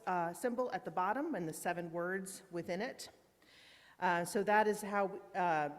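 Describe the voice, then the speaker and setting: A woman minister welcoming her congregation in an informal, friendly way, with fillers and the odd slip. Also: mid-range voice. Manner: warm, informal, with fillers and slips. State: emotional, holding back tears. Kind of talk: welcome and announcements in a church service. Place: large church meetinghouse. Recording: long church reverb.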